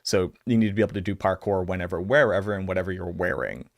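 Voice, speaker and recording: A man's voice: sits low, fairly even intonation, fast, no room sound, clean studio sound. A young adult man with a Boston accent, rambling through casual reaction commentary with lots of filler words. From Massachusetts, US. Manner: rambling, filler-heavy storytelling. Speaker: streamer.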